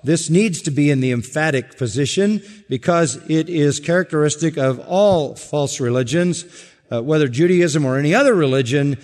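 Emphatic preacher in a reverberant hall. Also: male voice, mid-range voice. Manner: emphatic, repeats key phrases, swings between loud and hushed. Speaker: pastor. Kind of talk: expository sermon.

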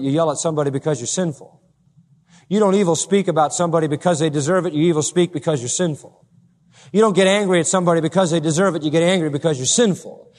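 A male pastor preaching a sermon, full of rhetorical questions and building to forceful, emphatic climaxes. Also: a little high. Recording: long hall reverb.

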